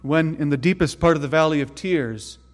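A man preaching a sermon in an earnest way, dropping to hushed tones and rising to sudden loud emphasis. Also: a little high, moderate pace, in a large hall. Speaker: pastor.

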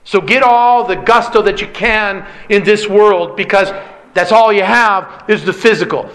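A man's voice: high voice, measured pace, fairly bright tone, poor audio. A man preaching a sermon with an emphatic, repetitive cadence. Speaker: pastor.

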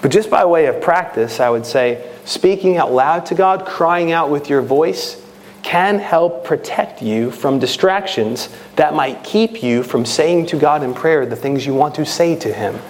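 His voice runs on the high side, expressive and unhurried. This man, an adult with children, delivers a sermon in an earnest, teaching way, at times lifting into passionate prayer.

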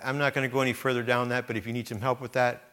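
A middle-aged man preaching a sermon, talking straight to his congregation in a conversational way that swells into loud, emphatic peaks. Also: mid-range voice, flat delivery, rapid-fire. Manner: conversational, direct address to the congregation with repetitions. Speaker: pastor.

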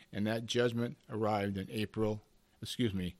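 A man's voice: on the low side, steady tone, moderate pace. A man preaching a Bible lesson, emphatic, with rising and falling intensity and strings of rhetorical questions, addressing his listeners as beloved. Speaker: Bible teacher.

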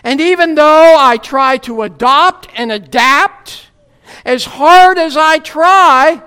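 A preacher from the United States delivers a sermon in a high, light voice. The pace is slow and deliberate, with wry humor that gives way to earnest teaching. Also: sharp tone.

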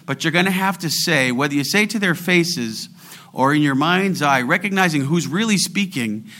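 A man preaching a sermon and leading prayer, swelling loud on scripture and dropping to a hush when he prays. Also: fairly high pitch, lively intonation, fairly quick. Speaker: pastor.

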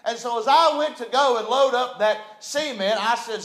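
Middle-aged west virginia pastor, high voice, folksy storytelling sermon, echoey church room. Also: male voice, moderate pace, hardly any pauses, fairly bright tone. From West Virginia, USA. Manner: folksy, conversational, repeats phrases. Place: church sanctuary. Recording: roomy church echo.

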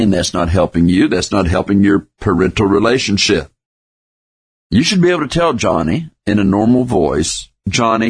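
A man's voice: on the low side, breathy edge. A man preaching a sermon in a folksy manner, acting out everyday parent and child dialogue to make his points. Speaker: pastor.

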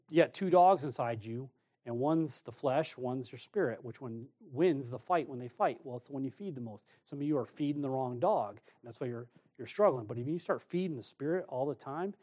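A man preaching a sermon in a folksy, storytelling way, acting out lively bits of dialogue. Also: mid-range voice.

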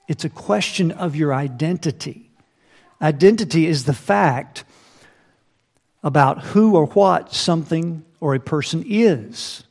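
A man's voice: a little high, vocal fry, darkish tone. A man preaching a sermon, reading scripture aloud and asking the listeners rhetorical questions. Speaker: pastor.

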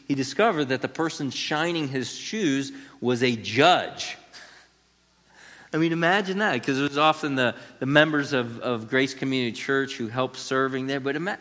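A man's voice: medium pitch, fairly bright tone. A man preaching an expository sermon in a conversational, emphatic way, turning to the listeners with asides. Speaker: pastor. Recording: long reverb of a large hall.

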